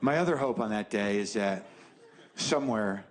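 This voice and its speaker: A middle-aged man doing stand-up, sardonic and profane, dropping low and then bursting into mock shouting. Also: lively intonation, normal speed. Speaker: stand-up comedian. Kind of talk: stand-up storytelling. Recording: noisy live club recording with audience. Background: audience laughter.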